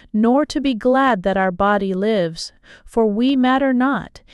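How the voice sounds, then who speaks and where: A woman reads a novel aloud at an unhurried, deliberate pace. Her voice is smooth and clear in a mid register, recorded close with almost no room sound. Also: mid-range voice, no room sound. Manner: slow, measured reading. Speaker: audiobook reader. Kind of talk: scripted narration.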